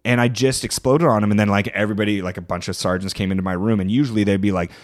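A man with a Canadian accent tells stories from his past in a relaxed, swearing, animated way. His voice sits low and he paces the anecdote for laughs. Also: racing. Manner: animated, profane anecdote-telling. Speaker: guest. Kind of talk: casual storytelling in conversation.

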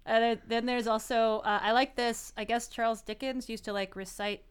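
A woman's voice: on the high side, steady tone, moderate pace, smooth. A woman in her thirties co-hosting a podcast, telling a story in a giggly, rambling way, full of "like"s. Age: 30s. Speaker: podcast co-host. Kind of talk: casual chat.

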